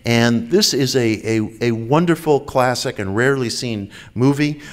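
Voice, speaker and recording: A man's voice: mid-range voice, unhurried. A man giving a public lecture in an enthusiastic, wry way, with frequent fillers.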